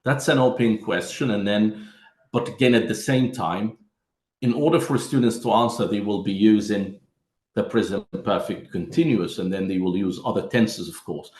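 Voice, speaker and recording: A teacher trainer with a fairly low, slightly mellow voice leads a lesson for teachers at normal speed. He patiently explains each step and calls his listeners "my friends," while the room echoes around him.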